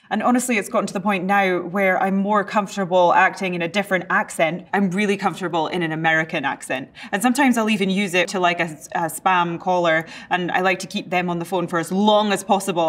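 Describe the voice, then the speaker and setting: A woman's voice: fairly low pitch, fast talker, few pauses, a bit bright. A woman with a Scottish accent, an actor who reads questions aloud and answers them in a playful, chatty way. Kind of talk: casual interview.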